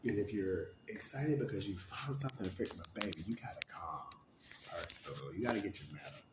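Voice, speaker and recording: Low-voiced man rambling in an echoey room. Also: very noisy. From New York. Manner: acts out overheard chatter in quick shifting voices; laughs often between thoughts. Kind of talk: rambling personal monologue.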